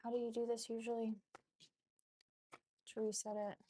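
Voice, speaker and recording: A middle-aged woman with a hoarse voice, a chef hosting her cooking show in casual livestream chat and swearing casually. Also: fairly high pitch, completely flat delivery, moderate pace, warm tone. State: hoarse, has lost her voice.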